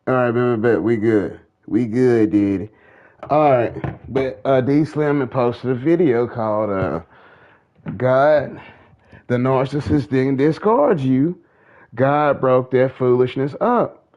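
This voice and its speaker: Slow-talking man testifying in slang. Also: medium pitch. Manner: slangy, drawling, preacher-like testimony. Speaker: gaming channel host. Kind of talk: casual monologue. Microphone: streaming mic. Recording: dull lo-fi mic.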